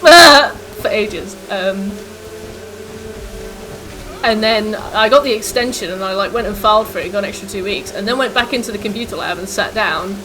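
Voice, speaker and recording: A young woman streams a game and chats loosely with viewers, rambling and filling her talk with "like" and "um." Her pitch is an ordinary middle range, her speed normal, and a faint hiss sits behind her voice.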